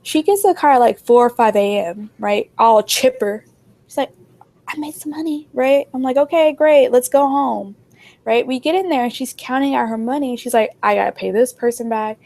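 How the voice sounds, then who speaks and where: Gravelly-voiced young woman telling stories. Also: a little high, brisk. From New Jersey. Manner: animated, acts out dialogue. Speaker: storyteller. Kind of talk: casual storytelling chat.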